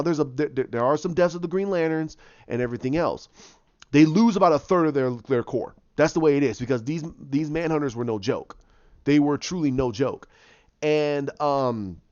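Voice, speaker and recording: A man's voice: on the high side, darkish tone, dry recording, lo-fi sound. Rambling man retelling a movie plot. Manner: rambling, many restarts and repeated words. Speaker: fan pitching his own movie plot. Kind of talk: casual spoken retelling.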